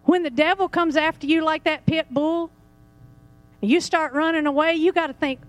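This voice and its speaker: A woman preaching a lively sermon, laughing and acting out little scenes as she talks. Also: sits high, moderate pace, no room sound.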